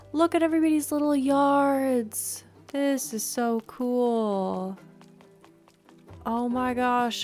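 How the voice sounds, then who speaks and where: A fairly high-pitched woman talks slowly through casual game commentary and gushes over everything she sees. She clears her throat and sniffs now and then. Soft music plays faintly behind her. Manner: gushing, excitable, frequent exclamations. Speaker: gaming video host.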